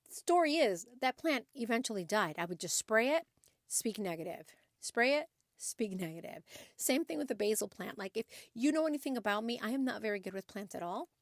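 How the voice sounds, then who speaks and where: A woman's voice: fairly high pitch, no room sound, studio quality. A middle-aged woman hosting a podcast, talking casually and earnestly to encourage her listeners, often restarting her sentences. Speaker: podcast host. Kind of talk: casual motivational talk.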